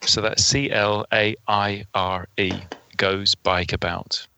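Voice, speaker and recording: A man's voice: lowish voice, level tone, takes it slowly, sharp tone, slight background noise, low-quality recording. A man on a panel, chatting in a polite, playful way. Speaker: panel guest. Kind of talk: casual panel chat.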